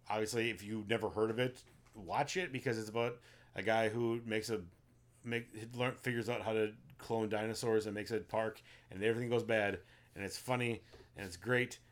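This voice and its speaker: A man's voice: lowish voice, steady tone, normal speed. Rambling man recapping movies on a podcast. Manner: rambling, filler-heavy retelling. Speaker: podcast co-host. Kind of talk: casual chat about movies.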